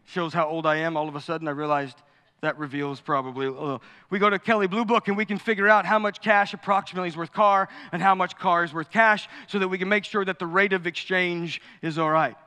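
A man delivers a lively sermon, leaning into jokes and acted-out asides. His voice sits high and sounds bright and forceful. It rings out with long reverb through a large church sanctuary. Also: fast talker, smooth. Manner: animated, jokey preaching with asides and acted-out quotes. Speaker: pastor.

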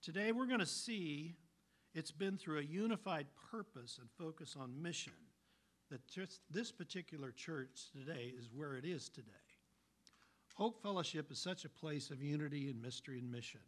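A man preaching a sermon, telling stories in an animated, folksy way. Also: fairly high pitch, moderate pace. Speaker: pastor.

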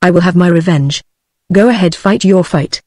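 A British English text-to-speech female voice reading the lines of a vengeful male referee in an audiobook, with flat synthetic delivery. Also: fairly low pitch, normal speed, no room sound, studio quality, close to an everyday voice. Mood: threatening.

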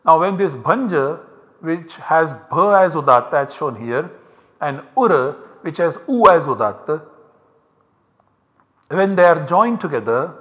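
A man with an Indian English accent gives a university lecture, explaining each step in a measured way and pointing to examples on a slide. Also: on the high side, fairly bright tone, lo-fi sound. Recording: lecture recorded with long reverb.

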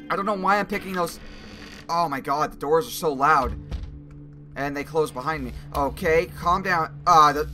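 A young man with a bright, slightly high voice narrates his horror game playthrough, jumping and cursing at scares and talking his way through the puzzles. Soft game music plays underneath. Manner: excitable, jumpy reactions, swearing, thinking aloud. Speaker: gaming YouTuber. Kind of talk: let's play commentary.

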